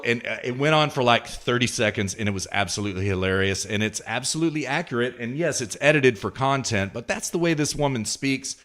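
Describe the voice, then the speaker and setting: A man hosts a political commentary podcast, his voice sitting in an ordinary mid-range pitch. He reads news excerpts aloud, then breaks off with sarcastic, indignant asides to his listeners. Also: animated, a little fast, few pauses, a bit bright. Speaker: podcast host.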